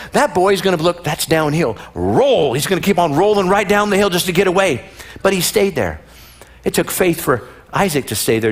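Animated male pastor preaching. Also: a little high. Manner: animated, acts out the story in playful voices. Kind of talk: sermon.

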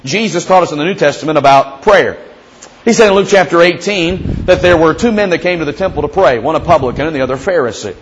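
A man's voice: on the high side, quick pace, highs cut off, slight background noise. A man preaching a sermon as a pastor in a conversational, storytelling way, often acting out the prayers he quotes. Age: young adult or middle-aged father.

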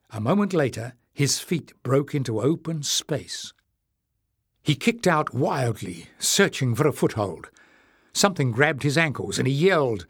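A man narrates an audiobook in a measured, expressive manner. His pitch sits in a medium range. The recording is dry and close, with no room echo. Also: husky. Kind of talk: scripted narration.

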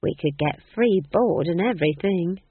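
A woman's voice: on the low side, animated, moderate pace, breathy edge. A reader voicing a cheerful, coaxing old witch with an earthy, bawdy manner. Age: older. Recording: tinny, dry phone-like audio.

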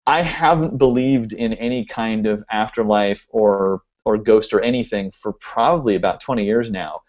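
A man hosting a casual live web chat, animated and jokey, swearing freely. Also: lowish voice, normal speed, dull audio. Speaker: podcast host.

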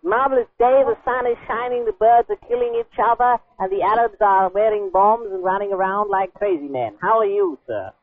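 A man's voice: high voice, fairly quick, hardly any pauses, lightly acted. A man on a prank phone call, putting on a pompous, mock-formal character who rants and demands. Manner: mock-formal, then ranting and shouting. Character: pompous self-proclaimed famous musician demanding meatballs. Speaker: prank caller. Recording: tinny phone line.

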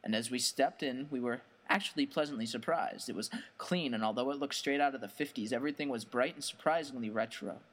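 A man narrating a first-person horror story in a measured, plain storytelling manner. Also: medium pitch, a bit bright.

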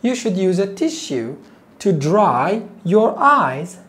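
A woman teaching English to learners, repeating words slowly and asking questions. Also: mid-range voice, big pitch swings. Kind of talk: slow, deliberate ESL lesson.

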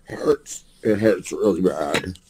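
Man doing a beaten-up male celebrity, gravelly, husky, low, slow, slurred moaning. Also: mellow, slight background noise. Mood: pained.

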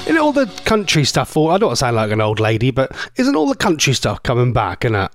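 A radio presenter chats and teases his listeners in a loose, rambling way. His pitch leaps around animatedly, and the studio recording is close and dry. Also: huge pitch swings, fast, no echo, soft background music. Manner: chatty, teasing, rambling with mock-posh asides. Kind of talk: casual chat with listener messages.

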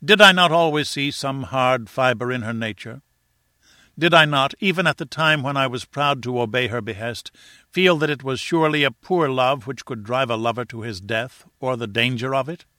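A man narrates a classic adventure novel with an earnest, dramatic lilt. His voice is bright and forceful, and the recording is dry and close to the mic. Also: medium pitch, normal speed, dry recording. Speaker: audiobook narrator. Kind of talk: first-person literary narration.

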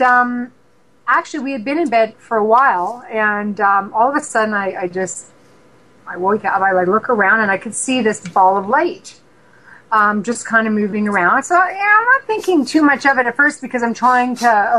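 A woman from Canada, a paranormal investigator, telling stories as a radio guest in an animated way and acting out dialogue. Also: a little high, rough recording. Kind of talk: casual storytelling interview.

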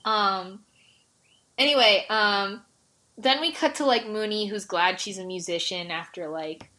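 A woman's voice: medium pitch, a little slow, sharp tone. Woman co-host, casual recap chat, emotional and gushing, filler-heavy delivery. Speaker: podcast co-host.

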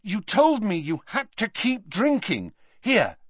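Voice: medium pitch, wildly swooping pitch, takes it slowly, breathy edge, no room sound, voice pushed up, full character voice. A reader plays a scared teenage boy, his raised voice urgent and shaking as he coaxes and reassures. The lines rise and fall with strain. It comes through as a dry, somewhat dull storybook recording. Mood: urging. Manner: urgent, pleading, shaky. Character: teenage boy wizard, desperate and frightened. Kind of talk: audiobook character voice.

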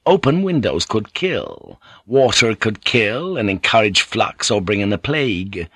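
Audiobook narrator: middle-aged man, mid pitch, dry close sound, rhythmic delivery. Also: fairly bright tone, no room sound. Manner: measured, rhythmic, dramatic reading. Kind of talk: scripted narration.

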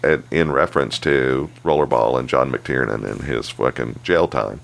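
Rumbling low and creaky, his voice moves at a moderate pace as he co-hosts a podcast. He tells stories with lots of profanity and animation in a casual chat.

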